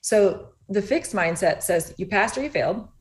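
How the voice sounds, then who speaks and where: A woman's voice: medium pitch, animated, moderate pace. A woman in her forties speaks as an interview guest from her home over a video call. She talks earnestly, and when she tells a story she acts out what each person said. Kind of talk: animated conversational interview.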